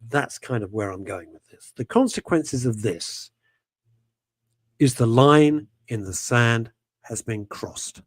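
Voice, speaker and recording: A man's voice: medium pitch, lively intonation, slow pace, no room sound. A man hosting a radio talk show, voicing his opinions with passion and a lot of emphatic repetition. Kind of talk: casual talk radio chat.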